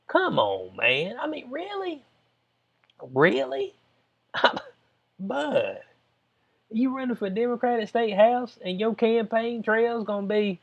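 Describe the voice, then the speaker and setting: A man hosting his own channel, talking straight to viewers in a slangy, animated, mocking commentary style. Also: extremely high pitch, slow pace, vocal fry, pauses often, muffled recording. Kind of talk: casual reaction commentary.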